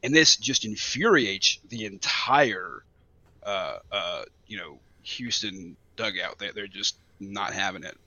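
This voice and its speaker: A man's voice: on the low side, expressive, slow, sharp tone, no echo. A man co-hosting a podcast, stammering and swearing as he rants about a sports incident. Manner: stammering, heated, swears freely. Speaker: podcast co-host. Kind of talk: casual podcast chat.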